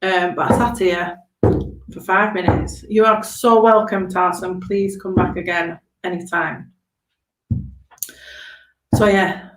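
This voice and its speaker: A woman's voice: on the low side, roomy sound, low-quality recording. A woman giving chatty, reassuring tarot readings on a live stream, often checking in with okay. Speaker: tarot reader.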